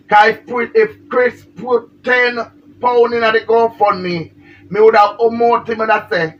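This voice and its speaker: A social media personality with a Jamaican accent, feeling unwell, rants and pleads on a livestream, emphatic and repetitive. Her voice is on the high side, fairly even in intonation and slow, heard in lo-fi sound.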